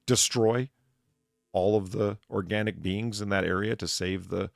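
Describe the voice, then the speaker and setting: A man's voice: on the low side, fairly even intonation, unhurried, vocal fry, no echo, studio quality. A man in casual chat, ranting and swearing as he rambles through restarts. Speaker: podcast co-host.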